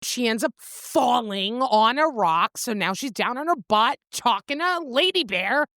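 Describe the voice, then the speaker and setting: A woman's voice: fairly high pitch, a little slow, no room sound, studio quality. A woman co-hosting a casual book chat podcast, retelling the plot with acted-out lines and frequent laughs. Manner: animated storyteller, acts out lines, laughs often. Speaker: podcast co-host.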